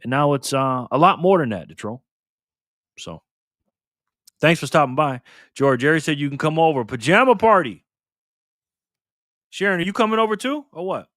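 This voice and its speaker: A man's voice: a little high, expressive, moderate pace, long pauses, a bit bright, dry recording, clean studio sound. A man hosting a casual livestream, reading viewer comments aloud in a loose, laid-back way and calling people man and brother. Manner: loose, repeats and restarts phrases. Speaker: livestream host.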